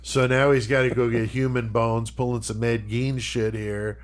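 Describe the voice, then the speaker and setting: A man's voice: mid-range voice, flat delivery, normal speed. A man hosting a podcast, retelling a story in loose, casual chat and swearing often. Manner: loose, profanity-laced retelling. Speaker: podcast host leading the segment.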